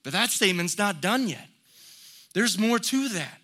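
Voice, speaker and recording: Guy preaching a sermon, slow and unhurried, earnest and pushy, really bright cutting voice. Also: high-pitched, sing-song. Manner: earnest, building to emphatic exhortations; folksy storytelling with light laughs. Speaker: pastor.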